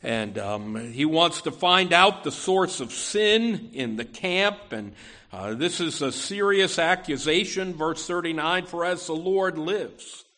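A middle-aged man preaching a sermon, his voice sitting a little high for a man. He takes his time, moving through scripture and stopping to restart his sentences. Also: lively intonation, takes it slowly, sharp tone. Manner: unscripted delivery with fillers and restarts, quoting scripture.

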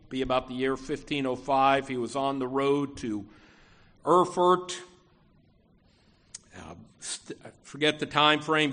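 A man's voice: on the high side, a bit bright. A middle-aged man preaching a sermon, talking through scripture off the cuff with frequent restarts. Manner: unscripted delivery with fillers and restarts, quoting scripture.

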